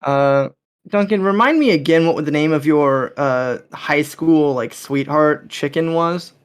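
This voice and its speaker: A calm game master narrating a tabletop role-playing game and voicing the characters the players meet. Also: mid-range voice, measured pace, clean tone.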